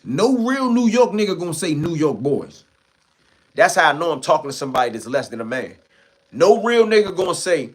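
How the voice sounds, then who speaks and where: A D.C.-accented livestream host from Washington, D.C., rants back at his chat in blunt, heated, profane street talk. His voice is a little high, very animated, and a little fast.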